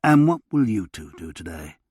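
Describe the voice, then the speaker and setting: A man's voice: on the low side, sing-song, normal speed, darkish tone, breathy edge, dry recording, clean studio sound. A man voicing a tired, dutiful doctor who answers curtly. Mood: weary. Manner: weary, curt. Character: tired dutiful male doctor, middle-aged.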